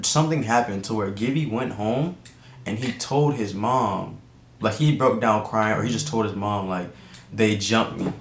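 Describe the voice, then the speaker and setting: A young man from Atlanta telling a personal story to camera in a rambling, slangy way, full of restarts and asides. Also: lowish voice. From Atlanta, USA. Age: young adult. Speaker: YouTuber. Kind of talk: casual storytime monologue. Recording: roomy echo, faint background noise.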